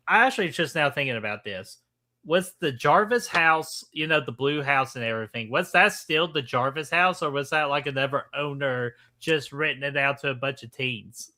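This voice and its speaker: A man's voice: a little high, pushed and bright. A man co-hosting a casual livestream movie chat, rambling enthusiastically and saying "freaking" a lot. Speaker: podcast co-host.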